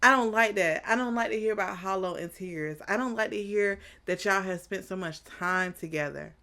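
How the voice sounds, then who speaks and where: A woman hosting an anime reaction, thinking out loud in casual commentary, animated and quick to laugh. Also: medium pitch.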